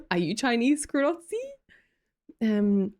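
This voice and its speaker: A young woman with an Australian accent chats on her live stream, answering chat and thanking viewers with a teasing, laugh-filled and casually sweary manner. Her voice sits fairly high and swoops up and down animatedly. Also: expressive, takes it slowly, a little mellow. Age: young adult.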